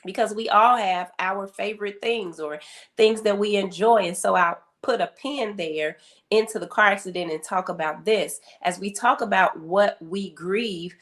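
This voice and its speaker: Speaking at a moderate pace in a mid-range voice, a middle-aged woman shares a story as a guest on the subject of grief. She acts out each quote vividly, in a storytelling interview style.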